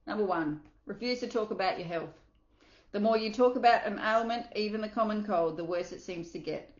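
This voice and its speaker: A woman's voice: medium pitch, fairly quick, echoey room, highs cut off. A woman coach reading a self-help book aloud, earnest, with small slips and asides.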